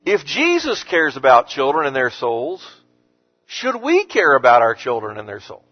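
A man's voice: mid-range voice, wildly swooping pitch, normal speed, muffled recording. A man preaching a sermon, earnest and rising to emphatic force on the scripture he quotes. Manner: earnest, rising to emphatic when quoting Jesus. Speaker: pastor.

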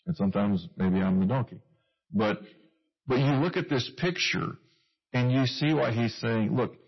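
Gravelly low-voiced male preacher. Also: highs cut off. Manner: conversational, with self-deprecating asides and chuckles. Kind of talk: sermon.

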